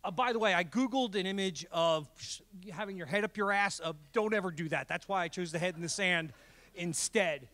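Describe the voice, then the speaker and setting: A man giving a fast-paced, emphatic presentation talk with jokes at a community event. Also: high-pitched. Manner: energetic, emphatic, joking. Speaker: guest speaker. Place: college event hall.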